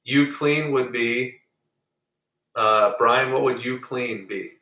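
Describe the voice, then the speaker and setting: A man's voice: medium pitch, takes it slowly, sharp tone, reverberant, distant mic. A man teaching Spanish to an online class, patiently explaining rules step by step and drilling pronunciation.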